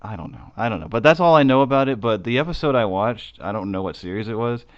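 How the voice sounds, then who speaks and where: A man's voice: mid-range voice, expressive, quick pace. A man co-hosting a casual podcast, rambling and swearing as he talks, with lots of fillers and restarts. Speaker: podcast co-host. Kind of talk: casual chat. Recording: dull lo-fi podcast audio.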